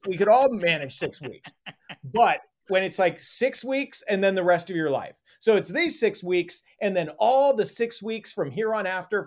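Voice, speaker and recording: A man co-hosting a sports and gambling podcast, talking in fast, profane, laughing riffs. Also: high-pitched. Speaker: podcast co-host. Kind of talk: casual sports chat.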